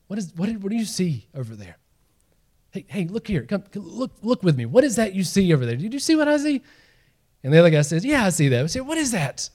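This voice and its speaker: A man preaching a sermon, telling the story in an animated way, acting out the scenes and laughing along. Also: fairly high pitch. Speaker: pastor.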